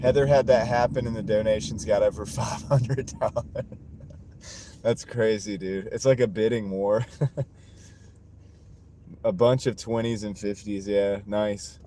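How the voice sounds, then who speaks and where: Slow-talking man chatting from his car. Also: lowish voice, fairly even intonation, mellow. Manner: chuckling, reads and reacts to viewer comments. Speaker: livestreaming delivery driver. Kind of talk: casual live-stream chat. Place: inside a car while driving. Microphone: wireless clip-on mini mic. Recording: road noise from the moving car.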